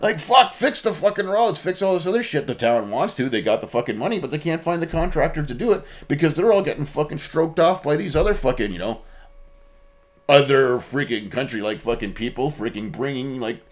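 A man's voice: on the high side, expressive, a little fast. Man, guest, cursing rant with a voice that jumps up and down. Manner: profane, ranting. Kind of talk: casual podcast chat.

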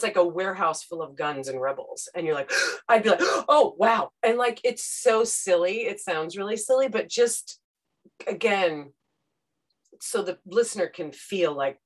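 A woman, a podcast host telling stories on a panel and acting out quotes with casual fillers. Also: lowish voice. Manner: lively storytelling, acts out quotes, casual fillers. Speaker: podcast host and former radio correspondent, interview guest. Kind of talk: animated panel conversation.

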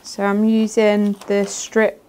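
A soft-spoken woman, casually demonstrating card making and laughing easily. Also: medium pitch, completely flat delivery, takes it slowly, slight background noise.

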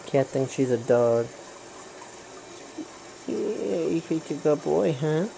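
A woman's voice: low voice, expressive, takes it slowly, gravelly, mellow, slight background noise, poor audio. A woman at home by a garden pond, talking to her pets in cooing, teasing baby-talk and playful meows. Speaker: pet owner.

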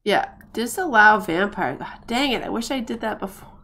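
A woman's voice: mid-range voice, lively intonation, moderate pace, pushed and bright. A woman from the United States chatting casually while streaming a life-sim game, rambling with frequent restarts and laughs.

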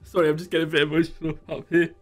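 Flat deadpan man giving a joke eulogy. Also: on the high side, racing. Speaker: eulogy speaker.

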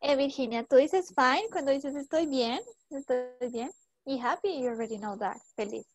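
A woman's voice: sits high, normal speed, rough recording. A young woman teaching an English class to students, asking many short questions and switching into Spanish to explain.

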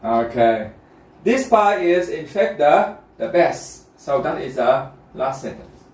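A man's voice: fairly high pitch, very animated, takes it slowly, darkish tone. A man teaching a language-test class, checking in often with his students and repeating key points. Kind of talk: classroom lesson. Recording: roomy classroom, mic far off.

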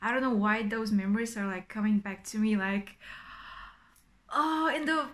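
A woman's voice: medium pitch, moderate pace. A young woman from Bulgaria in her twenties, hosting a music video reaction with gushing, swooning exclamations. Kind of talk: excited reaction commentary. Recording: loud music playing behind voice. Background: loud pop music.

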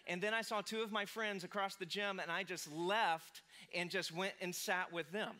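Bright-voiced man in his forties preaching. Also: high-pitched, steady tone, normal speed. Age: 40s. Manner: storytelling, conversational, self-deprecating. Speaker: pastor. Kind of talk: sermon.

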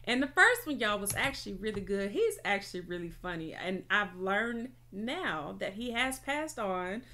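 A woman's voice: medium pitch, big pitch swings, normal speed, pushed and bright. A woman hosting a reaction vlog, chatting casually to camera and tagging "y'all" and "okay" onto her sentences. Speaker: reaction video host.

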